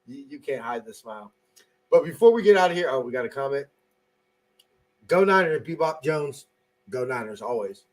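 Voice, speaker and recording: A man hosting a casual fan podcast, telling stories excitedly with lots of filler words and swearing. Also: mid-range voice, normal speed, pauses often. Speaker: podcast host.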